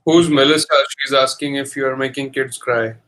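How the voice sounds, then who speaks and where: A man's voice: mid-range voice, fairly even intonation, fairly quick, a bit bright. A man in casual chat who teases and laughs easily, with a melodic way of speaking.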